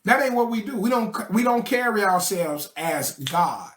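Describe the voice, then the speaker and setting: A man's voice: high voice, big pitch swings, normal speed, fairly bright tone, roomy sound. A man voicing a stern father god who firmly scolds his daughter. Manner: firm, scolding.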